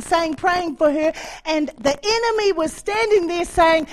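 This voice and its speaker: A woman preaching, giving a testimony as an animated story and acting out the dialogue. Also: sits high, normal speed, rough recording. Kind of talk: sermon testimony.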